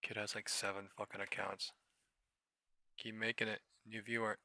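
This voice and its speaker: A young man hosts a live trading stream in a fairly low voice with little pitch movement, a normal speed, and a sharp tone. He swears freely and mocks viewers as he reacts to chat in casual livestream commentary. The audio has no echo.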